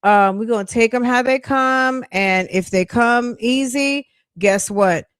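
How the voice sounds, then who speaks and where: Woman, commentary host, casual gossipy news chat, unhurried, dry sound, sassy asides. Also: on the high side, clean tone, no echo. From New York. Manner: chatty, emphatic, sassy asides. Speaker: true-crime commentary host.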